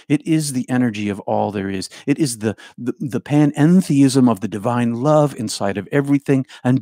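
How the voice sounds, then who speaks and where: A man, speaking as a teacher, gives a reflective spiritual talk in slow, repetitive, chant-like phrases that frequently fall to a hush. His voice is mid-range, recorded in studio quality with no echo.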